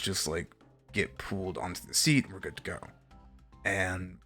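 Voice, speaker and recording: A man's voice: sits low, fairly bright tone. A young man streaming, telling a story casually with exasperated, profane asides.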